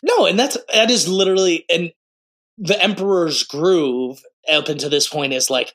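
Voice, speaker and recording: A man's voice: fairly high pitch, moderate pace, a bit bright. A man in his late twenties co-hosting a podcast, chatting casually about a movie and acting out quotes in raised voices. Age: 20s. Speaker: podcast co-host.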